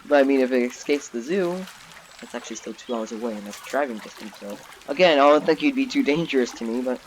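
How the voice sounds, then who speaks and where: A young man giving casual, rambling commentary while playing a zoo game, getting excited easily. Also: medium pitch, quick pace, slight background noise. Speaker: gaming YouTuber. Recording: background game music.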